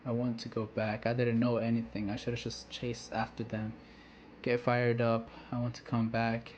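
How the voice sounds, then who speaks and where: A man voicing a listless, empty teenage boy striker full of regret, read aloud quietly and flatly from a manga. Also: medium pitch, normal speed, dull audio, slight background noise, natural voice. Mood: regretful.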